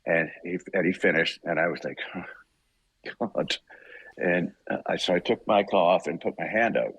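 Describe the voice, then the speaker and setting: An older man with a very low, husky voice tells a story on a podcast. He talks in an emotional, halting way, with many restarts. The sound is close and dry. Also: a bit bright, no room sound, rough recording. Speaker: voice actor guest.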